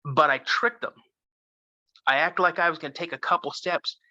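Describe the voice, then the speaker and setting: A man in his fifties tells a first-person story in an animated way, with frequent restarts. His voice is bright and forceful, with no room sound at all. The audio is dull and lo-fi, like a remote call. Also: fairly high pitch, moderate pace, no room sound. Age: 50s. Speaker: guest.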